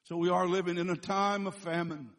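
A man preaching as a guest speaker, telling a story with frequent restarts and self-corrections, slowing down to stress scripture. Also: high voice, steady tone, a bit bright. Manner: slows down for emphatic scripture quotes. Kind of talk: sermon.

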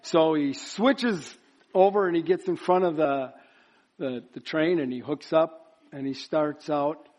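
A man's voice: fairly high pitch, a little slow, darkish tone, highs cut off. A man preaching a sermon at a church service, building up to emphatic repeated phrases. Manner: builds to emphatic chanted repetition.

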